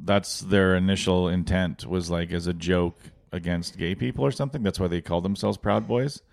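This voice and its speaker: A man's voice: low voice, normal speed, vocal fry, darkish tone. A man co-hosting a comedy podcast, riffing crudely in casual chat and breaking into mocking voices. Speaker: podcast co-host.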